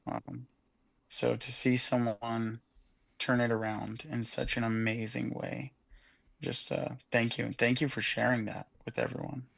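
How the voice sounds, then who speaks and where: A man in a video-call support meeting, giving earnest, halting thanks with many pauses. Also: medium pitch, flat delivery, gravelly, a bit bright, no room sound. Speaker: meeting participant.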